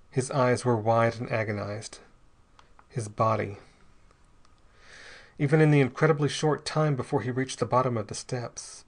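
A man narrating a pulp adventure story in a steady, dramatic storytelling manner. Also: medium pitch.

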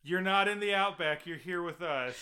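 Podcast host, American man, slightly high bright voice, animated and laughing. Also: moderate pace, a little hiss or hum. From United States. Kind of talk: casual chat.

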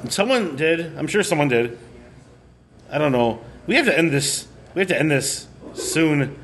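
Rambling man, slightly high voice. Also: animated, fairly bright tone, slight background noise. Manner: halting, restarts, trails off and laughs. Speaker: podcast host. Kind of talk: casual rambling chat.

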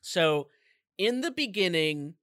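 Bright, unhurried man recapping a game. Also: sits high, animated, dry recording, studio quality. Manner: laid-back storyteller, jokey asides. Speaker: podcast co-host. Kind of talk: casual chat, recapping a video game plot.

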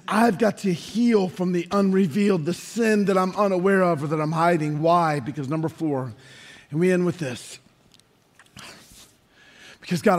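A man preaches with a high, ringing voice, his words trailing off into the long echo of a large hall. He is fervent, rising often to shouted emphasis. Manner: impassioned, building to shouts. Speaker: pastor. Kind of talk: sermon.

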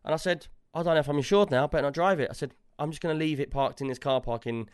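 A man's voice: fairly high pitch, very fast, clean tone. A man telling a long story in casual chat, quoting the people he argued with. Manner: animated storytelling, quotes others in dialogue.

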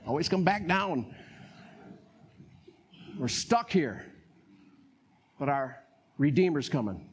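A man with a North Carolina accent preaching a sermon as pastor, animated, laughing often and acting out voices. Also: fairly high pitch, slow pace, long pauses, slight background noise.

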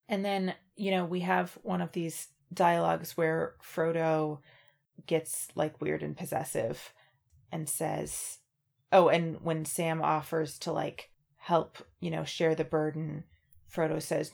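A woman co-hosting a casual book discussion podcast talks in a low-pitched, slow voice with vocal fry. She's conversational and reads passages aloud in an even voice.

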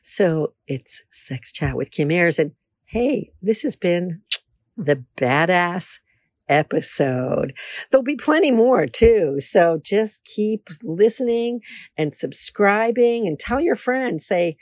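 Animated, candid woman podcast host. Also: fairly low pitch, takes it slowly, no echo. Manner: candid, animated, self-assured. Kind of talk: casual solo podcast.

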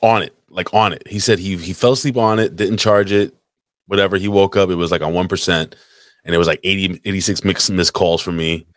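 A man's voice: low voice, steady tone, fairly quick, no echo, studio quality. A man hosting a live podcast, telling a long rambling story in casual, crude chat with lots of swearing. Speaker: podcast host. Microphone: desk mic, live stream.

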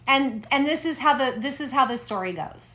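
A woman co-hosting a podcast, chatting casually and telling a campfire ghost story with dramatic hushed moments. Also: high-pitched, expressive, normal speed. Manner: dramatic, drops to hushed tones for spooky parts. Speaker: podcast co-host.

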